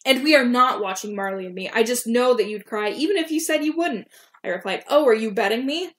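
A woman's voice: fairly high pitch, expressive, brisk, fairly bright tone. A young woman reading her old fan fiction aloud, breaking off to laugh and make self-mocking comments. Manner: giggly, self-mocking asides. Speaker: YouTuber.

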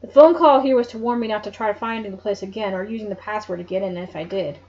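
A woman reading as a calm male doctor. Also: sits high, fast talker, lo-fi sound. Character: calm male doctor telling his story.

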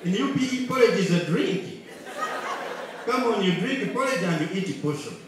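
A Ugandan man doing live stand-up comedy, telling mock-serious stories and building to loud punchlines. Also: sits high, animated, normal speed, noisy background. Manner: punchy, mock-serious storytelling, switching into Luganda, rising to shouted punchlines. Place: large comedy venue with live audience. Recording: echoey live hall from far off, loud crowd.

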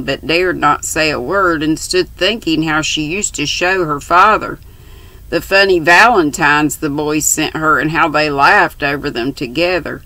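A woman in her sixties reads a classic novel aloud with a steady storytelling voice. Her tone is bright and gravelly, and the recording is dry and close. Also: no echo, low-quality recording. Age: 60s. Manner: steady storytelling voice, lifting pitch for girls' dialogue. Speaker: audiobook reader.

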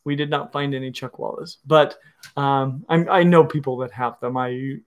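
A man's voice: mid-range voice, fairly even intonation, normal speed. A middle-aged man, a reptile educator, answering viewer questions in an enthusiastic, explanatory way, often restarting his sentences. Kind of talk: casual livestream Q&A.

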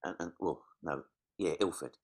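A man's voice: low voice, moderate pace. A man, a comedian being interviewed, telling stories casually and acting out quotes. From East London. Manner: animated storytelling, acts out quotes.

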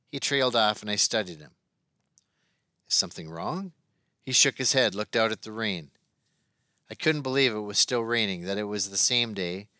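A man reading an audiobook aloud in a steady, expressive narration. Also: on the low side, dry recording, clean studio sound. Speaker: audiobook reader.

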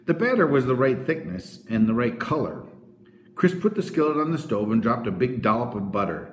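A man reading a children's novel aloud as narrator, with expressive storytelling. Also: medium pitch, fairly quick, slight background noise. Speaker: audiobook narrator. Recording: roomy echo.

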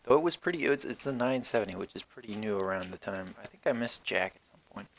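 A man's voice: on the low side, lively intonation, fast, a little hiss or hum. Profane, rambling young-sounding man gaming. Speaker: gameplay commentator. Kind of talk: casual let's-play commentary.

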